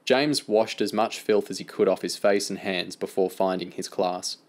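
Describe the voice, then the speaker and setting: A man with a lowish voice reads a novel aloud as an audiobook reader. His narration is steady and even. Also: moderate pace.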